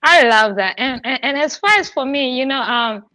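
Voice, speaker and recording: A woman's voice: sits high, moderate pace, pushed and bright, no room sound. A woman hosting a podcast, talking in an effusive, heartfelt way and laughing often. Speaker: podcast host. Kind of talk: emotional casual chat.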